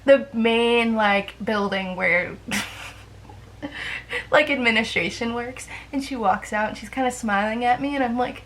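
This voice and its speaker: A young adult woman vlogger chats casually to the camera, rambling and poking fun at herself with lots of fillers. Her voice is a little high, a little slow and fairly bright. The audio is poor, with a slight hiss or hum.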